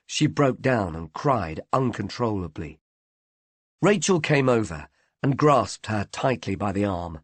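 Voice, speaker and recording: Expressive male audiobook narrator. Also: fairly low pitch, a little slow, no echo. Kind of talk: scripted narration.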